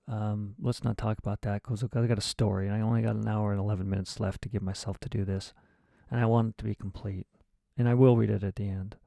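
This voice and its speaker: Recorded with no room sound, a man's fairly low, mellow and gravelly voice carries a casual stream of thoughts as he plans a short story. He's a writer livestreaming his process. His rambling frequently dissolves into mutters.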